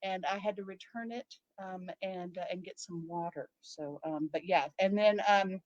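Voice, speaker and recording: A woman co-hosting a casual chat show, reading viewer mail and telling animated stories with many fillers. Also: fairly low pitch, moderate pace, no echo, highs cut off. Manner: storytelling, animated, filler-heavy.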